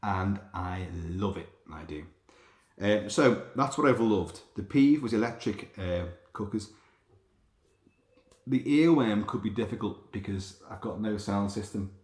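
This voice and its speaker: A man with a lowish voice rambles through a sweary, animated monologue. He tells stories loosely and jumps between thoughts. The room sounds roomy and echoey. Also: unhurried. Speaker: podcast host. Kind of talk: casual monologue. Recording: roomy echo.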